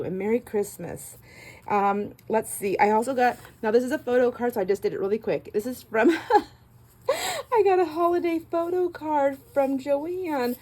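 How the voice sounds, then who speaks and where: A middle-aged woman chatting her way through a craft session. Her voice sits at an ordinary middle pitch. She gushes over little things and trips over her words as she talks to her viewers. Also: mellow, rough recording. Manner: chatty and gushing, with frequent laughs and restarts. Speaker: craft channel host. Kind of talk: casual crafting vlog chat.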